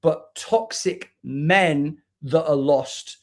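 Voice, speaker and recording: A man's voice: a little high, very slow. A British man from the United Kingdom, a spoken word artist talking as a guest on a livestream over a video call, earnest and reflective, often restarting his words. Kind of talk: candid conversation on a livestream.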